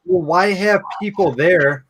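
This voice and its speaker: A man's voice: high-pitched, unhurried, a bit bright, a little hiss or hum. A man hosting a casual live chat, telling a long profane story about his wife's job. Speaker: show host.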